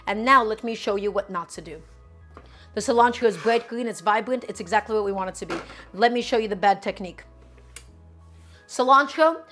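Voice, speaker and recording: A woman with a fairly high voice leads a cooking demonstration from her home kitchen. She talks straight to her viewers, repeats each step and stresses the points she cares about. Soft music plays faintly underneath. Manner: emphatic, repeats instructions, addresses viewers directly. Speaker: cooking show host.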